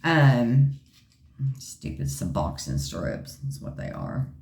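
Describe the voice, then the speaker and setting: A woman's voice: very deep voice, big pitch swings, takes it slowly, darkish tone, roomy sound, a little hiss or hum. A woman vlogger casually telling a funny story to her viewers in a chatty, joking way, acting out quoted lines. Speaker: vlogger sharing her health journey.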